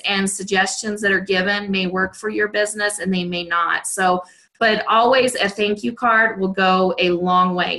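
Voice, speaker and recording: Bright woman giving earnest advice. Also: medium pitch, poor audio. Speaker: team member sharing tips. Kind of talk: casual team call.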